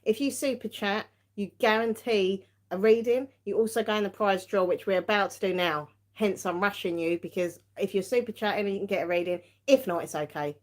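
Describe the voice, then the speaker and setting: Tired, giggly woman streamer, mid-pitched, loose casual chat. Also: a little fast, hardly any pauses. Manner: chatty, giggly, self-mocking. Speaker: tarot-reading livestream host.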